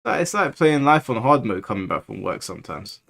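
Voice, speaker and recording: A man's voice: mid-range voice, very animated, a little fast, creaky, fairly bright tone. London man rambling through stories. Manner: rambling storyteller, acts out quoted speech. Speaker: livestream host. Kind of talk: casual livestream chat with viewers.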